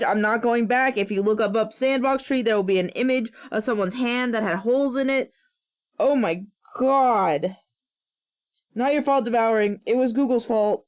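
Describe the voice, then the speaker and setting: A woman's voice: fairly high pitch, moderate pace. A young adult woman streamer in casual live-stream chat, dramatic, breaking into shrieks and groans and restarting her sentences.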